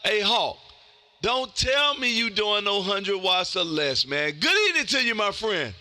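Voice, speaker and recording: A man hosting a ham radio stream, loud and folksy, calling out for contacts. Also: sits high, big pitch swings, measured pace. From Texas.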